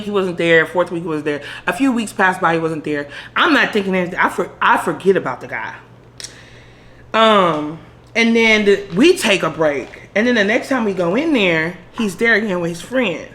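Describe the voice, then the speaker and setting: A woman vlogger telling a story in while doing her makeup, laughing and acting out the quotes in high voices. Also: a bit bright. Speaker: beauty vlogger.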